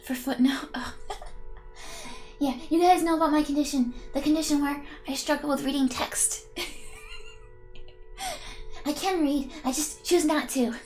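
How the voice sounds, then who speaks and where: A woman's voice: high voice, fairly even intonation, moderate pace, darkish tone, faint music behind. A woman streaming a game, reading its text aloud and chatting playfully with her viewers, giggling as she goes.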